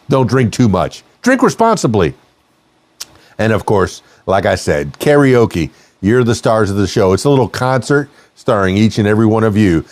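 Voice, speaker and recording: A man's voice: lowish voice, a little mellow, dry recording. A man hosting his podcast as a DJ, talking in an upbeat, jokey emcee patter from a radio studio. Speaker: podcast host and DJ. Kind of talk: upbeat promo chat.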